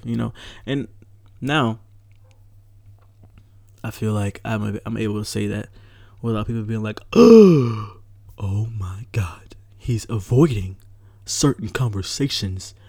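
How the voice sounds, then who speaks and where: Laid-back young man with a gravelly voice. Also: lowish voice, no room sound. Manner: laid-back, rambling, animated when riled up. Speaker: podcast host. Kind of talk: casual solo podcast rant. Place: at home.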